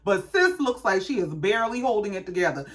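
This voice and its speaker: A woman's voice: medium pitch, very animated, fairly quick. A woman recapping a reality show in a blunt, sassy, casual way, swearing freely.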